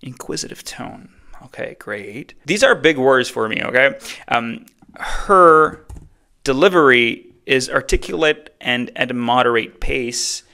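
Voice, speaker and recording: A man's voice: mid-range voice, lively intonation, unhurried, gravelly, bright, forceful tone. A man hosting a casual tutorial, explaining in a chatty, upbeat way. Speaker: tutorial host. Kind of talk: casual screen-recorded tutorial.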